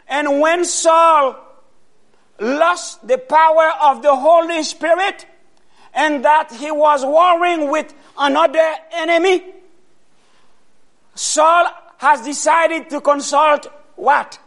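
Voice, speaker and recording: A man preaching a sermon, asking the congregation questions and answering them himself, with loud bursts of emphasis. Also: extremely high pitch, steady tone, slow pace.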